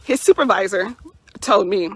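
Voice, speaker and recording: A woman's voice: medium pitch, normal speed, fairly bright tone, breathy edge, dry recording. A young woman telling her own story to the camera, indignant and emphatic, repeating words for stress. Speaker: mother recounting a police encounter. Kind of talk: personal account to camera.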